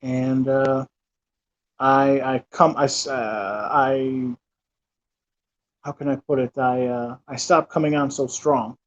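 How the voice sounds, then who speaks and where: A man's voice: mid-range voice, steady tone, slow pace, pauses often, a little hiss or hum. A man in his thirties telling a personal story in a casual, rambling way, with lots of fillers and restarts. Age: 30s. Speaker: channel host. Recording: dull lo-fi recording.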